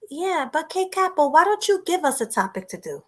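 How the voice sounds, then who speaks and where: A woman with a fairly high voice co-hosts a casual livestream show. She chats in a relaxed, friendly way with her guests and thanks the viewers warmly. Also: a little fast. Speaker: podcast co-host.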